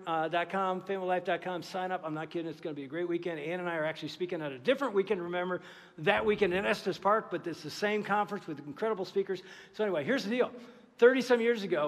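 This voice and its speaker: Middle-aged male pastor, fairly high voice for a man, animated storyteller who acts out the dialogue, recorded with long reverb in a big church hall. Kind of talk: sermon. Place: large church auditorium.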